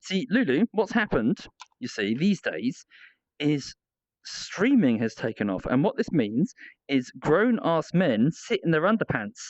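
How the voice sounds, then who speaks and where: A man's voice: a little high, very animated, a little slow, no echo, muffled recording. A man livestreaming, chatting casually with rambling, self-mocking banter.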